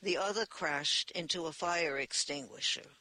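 Guy narrating an audiobook, kinda high voice, dry close sound. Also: normal speed, bright, forceful tone, no room sound, low-quality recording.

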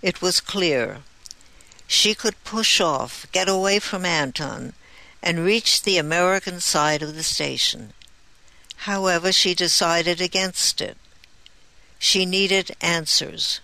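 A narrator reading a novel aloud in a measured storytelling manner on a close studio mic. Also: mid-range voice, creaky, sharp tone, no echo, poor audio. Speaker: audiobook narrator. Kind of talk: scripted narration.

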